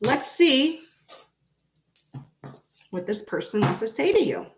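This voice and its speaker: A woman hosting a casual live tarot reading, chatty and animated, talking straight to her viewers. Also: on the high side, slow pace, echoey room, very noisy. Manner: chatty, animated, laughs often, talks to her chat. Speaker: tarot reader and live stream host.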